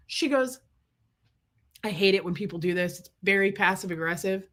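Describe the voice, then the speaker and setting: A middle-aged woman telling a story to her viewers. She is sick with chest congestion and rants in animated bursts, stopping to greet viewers by name. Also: mid-range voice, fairly quick. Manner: ranting, animated storytelling, reading out viewer names. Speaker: livestream host. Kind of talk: casual chat to viewers.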